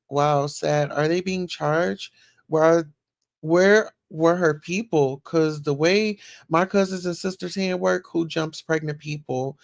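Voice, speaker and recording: Chatty woman host with a gravelly voice. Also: deep voice, no echo, studio quality. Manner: chatty, reacts aloud while reading. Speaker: livestream host. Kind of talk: casual chat reading news and viewer comments.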